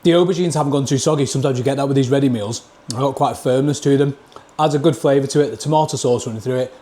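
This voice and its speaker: A man's voice: medium pitch, a little mellow. A man with a Northern English accent doing a casual food review vlog, blunt and plain-spoken, tasting dishes at a table into a camera mic. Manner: blunt, plain-spoken, scores each dish out of ten.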